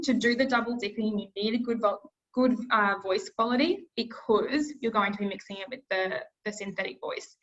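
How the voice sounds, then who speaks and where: A woman's voice: medium pitch, fairly bright tone. A woman with an Australian accent, a speech pathologist giving an online presentation, earnest and repeating words for emphasis. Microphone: video call. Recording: muffled video-call audio.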